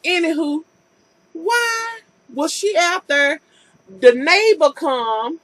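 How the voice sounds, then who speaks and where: A woman's voice: very high voice, expressive, slow, a bit bright, no echo, rough recording. A woman vlogger recapping a TV episode in a casual, profane rant, acting out scenes with incredulous commentary.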